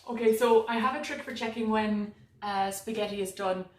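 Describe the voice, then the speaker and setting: A woman's voice: medium pitch, steady tone, normal speed, noisy background. Chatty woman cooking in an echoey kitchen. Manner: chatty, self-mocking humour. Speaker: cooking demo presenter. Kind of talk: live cook-along demonstration. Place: home kitchen. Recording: echoey kitchen, mic far off.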